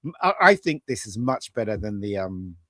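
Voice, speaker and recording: A man co-hosting a casual pub chat, rambling through animated opinions. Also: fairly low pitch, moderate pace, dry recording, clean studio sound. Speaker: co-host.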